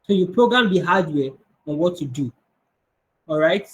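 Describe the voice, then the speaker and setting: A man's voice: fairly high pitch, lively intonation, normal speed, a bit bright, low-quality recording. A man, teaching kids coding on a video call and answering their questions, his voice a bit strained. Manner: conversational, answers questions, restarts often. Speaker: coding instructor. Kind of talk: online class Q&A.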